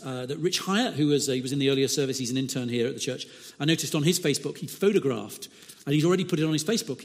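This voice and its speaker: Preacher in a reverberant hall. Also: male voice, mid-range voice. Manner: animated storytelling with voiced asides and rhetorical questions. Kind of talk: sermon. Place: church.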